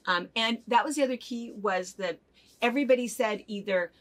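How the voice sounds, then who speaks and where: A woman's voice: on the high side, moderate pace, fairly bright tone. An older woman co-hosting a casual chat show, telling stories in a chatty way and laughing often as she goes. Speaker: co-host of a fabric shop chat show.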